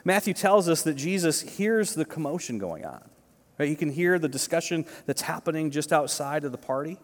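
A man's voice: on the high side, expressive, moderate pace. A male pastor giving a conversational sermon, emphatic, with repeated words and frequent "right?" asides. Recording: long reverb of a large hall.

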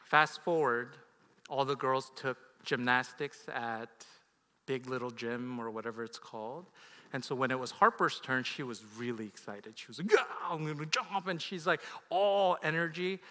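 Man, 30s, pastor, sermon storytelling, bright tone, long hall reverb. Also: normal speed. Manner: confessional storytelling that swings from loud outbursts to hushed, low lines.

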